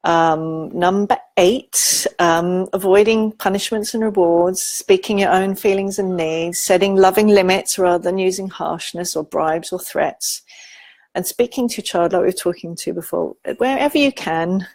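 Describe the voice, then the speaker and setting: A woman giving a gentle, informal talk on parenting, teaching with soft asides and quoted examples. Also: fairly low pitch, normal speed, no room sound. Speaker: parenting educator.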